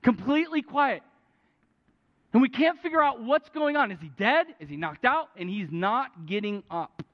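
A man preaching a sermon as a pastor, telling a story with animated, urgent peaks. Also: very high voice, normal speed. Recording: dull, echoey hall.

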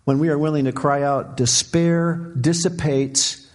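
A middle-aged male pastor delivering a sermon, his voice sitting a touch higher than most men's. He moves between hushed, low stretches and fervent, rising cries as he preaches. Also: fairly even intonation, unhurried.

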